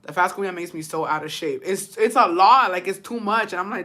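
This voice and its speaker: A woman from Texas streams and chats casually with her viewers, moving between English and Spanish and swearing freely. Her voice sits lowish and sounds bright and forceful, and she talks briskly with few pauses in a chatty, profane, code-switching way.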